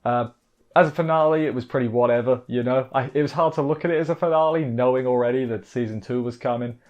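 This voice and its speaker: Male anime reviewer, excitable and exasperated, mid-pitched, cuts himself off constantly, dull lo-fi mic. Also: fast talker. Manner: excitable, exasperated, self-interrupting. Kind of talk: casual episode recap review.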